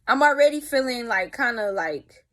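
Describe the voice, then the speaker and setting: A young woman telling a story in a casual vlog, animated and profane, with spoken sound effects. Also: on the high side, normal speed. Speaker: vlogger.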